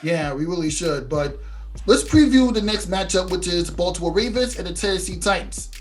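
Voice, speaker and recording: A man's voice: sits high, expressive, a little fast, faint music behind. A man hosting a casual sports podcast, hyped and steering the talk with questions. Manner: hyped, asks questions, leads the segments. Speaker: podcast host.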